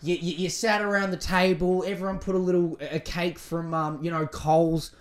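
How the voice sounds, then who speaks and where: A man's voice: high-pitched, fairly even intonation, moderate pace. A man hosting a solo podcast, joking, swearing freely and rambling through a rant. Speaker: podcast host.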